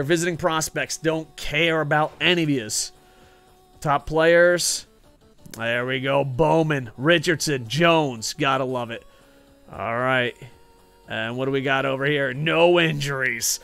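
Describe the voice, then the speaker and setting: A man's voice: fairly high pitch, fairly bright tone. A man live-streaming a football video game, talking casually and profanely while chatting with his viewers. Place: home streaming room in Japan.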